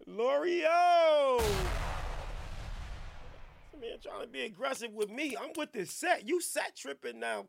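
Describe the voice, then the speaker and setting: A man hosting a radio podcast, riffing in casual, profane, animated banter. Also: very high voice, vocal fry. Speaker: radio show host. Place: radio studio.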